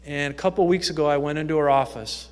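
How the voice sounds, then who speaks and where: A man's voice: a little high, steady tone, quick pace, darkish tone, clear, resonant tone. A man who works in youth ministry, telling stories in a chatty way with frequent ums as he speaks from the pulpit of a church. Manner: conversational storytelling with frequent ums. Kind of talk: informal testimony talk from the pulpit. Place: church sanctuary. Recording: echoey church hall.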